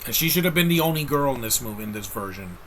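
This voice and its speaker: A man's voice: medium pitch, lively intonation, fast, crowd noise, low-quality recording. A man giving a casual, rambling movie review rant, blunt and exasperated, with frequent restarts.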